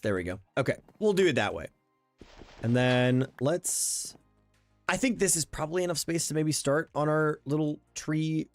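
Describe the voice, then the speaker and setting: A man chats casually while playing a game on a live stream. His voice sits at an ordinary middle pitch, and he keeps circling back and restarting his thoughts as he plans his next move. Quiet game music plays faintly in the background. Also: vocal fry. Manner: easygoing, thinks aloud, restarts and trails off. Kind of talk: casual gameplay commentary.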